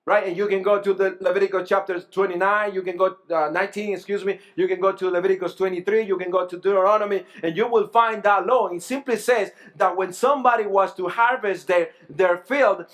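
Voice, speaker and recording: A middle-aged man preaches a sermon in a fairly high voice. He speaks earnestly, circling back over his phrases and asking rhetorical questions as he goes. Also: fairly even intonation, brisk, hardly any pauses, a bit bright. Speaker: pastor.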